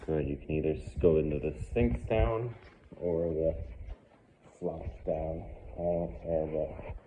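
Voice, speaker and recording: A man working as a dog trainer, calmly explaining a hands-on training demonstration between short, firm commands. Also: a bass voice, slow pace, a little hiss or hum. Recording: tinny phone-like sound.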